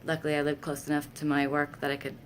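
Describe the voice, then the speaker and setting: Woman, low voice, casual storytelling vlog, candid and self-mocking, faint noise behind. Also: fast talker. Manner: candid, self-deprecating, animated when quoting herself. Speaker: vlogger sharing personal stories.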